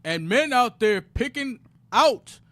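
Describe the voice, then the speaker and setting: Slow, bright-voiced man reading aloud. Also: very high voice, expressive, no room sound. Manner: measured reading, one short passage at a time. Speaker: reader in a Bible class.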